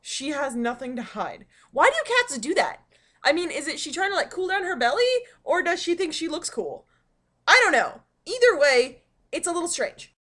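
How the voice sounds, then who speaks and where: Young woman w/ a high voice just chatting at the camera from her dining room, super rambly. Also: sing-song, normal speed, sharp tone. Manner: chatty and rambling, frequent ums and likes. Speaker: vlogger. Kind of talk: casual storytelling vlog. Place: home dining room, indoors.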